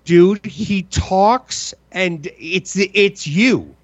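A man's voice: high-pitched, extremely slow, no echo, muffled recording. A man in his thirties hosting a podcast, rambling and exasperated, swearing freely in casual comedic chat. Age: 30s. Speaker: podcast host.

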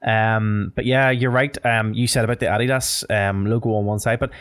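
A man's voice: lowish voice, fairly even intonation, fairly quick, fairly bright tone. A young man with a Northern Irish accent hosting a podcast in casual chat, rambling with many fillers and restarts. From Northern Ireland. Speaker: podcast host.

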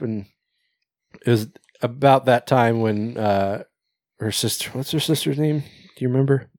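A man's voice: mid-range voice, a little slow, darkish tone, no room sound, studio quality. A man co-hosting a podcast, recapping a horror movie in casual chat, rambling, swearing and laughing often. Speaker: podcast co-host.

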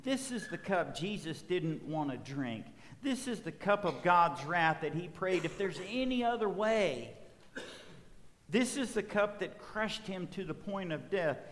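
Male pastor, slightly high voice, sermon with rhythmic repetition, long hall reverb. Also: expressive, measured pace, hardly any pauses, fairly bright tone, a little hiss or hum. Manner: preaching with swells of emphasis and repetition.

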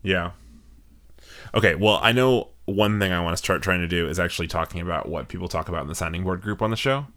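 Podcast co-host, man with a very deep voice; laid-back and jokey, sentences left hanging. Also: fast talker. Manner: relaxed, joking, trails off mid-sentence. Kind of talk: casual chat.

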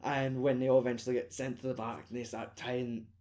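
A man's voice: mid-range voice, flat delivery, brisk, a little mellow. A Scottish man in casual chat, swearing and animatedly retelling scenes.

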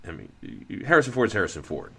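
A man's voice: lowish voice, very animated, quick pace, gravelly, fairly bright tone, husky. Rambling man discussing films. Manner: rambling, many fillers and restarts. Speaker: podcast co-host. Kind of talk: casual film discussion.

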